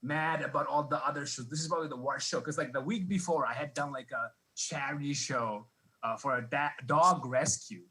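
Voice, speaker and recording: Bright-voiced man telling a rambling stand-up story. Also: fairly high pitch, a little fast, low-quality recording. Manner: rambling, self-deprecating, many restarts. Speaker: stand-up comic. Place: comedy club stage.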